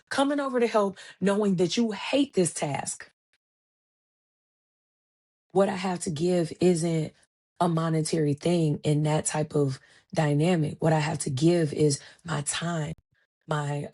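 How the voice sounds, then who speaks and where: A woman in her thirties hosting a solo podcast, talking casually and telling stories by acting out the voices of the people in them. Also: deep voice. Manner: animated storytelling, acts out quoted dialogue; conversational, colloquial phrasing. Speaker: podcast host.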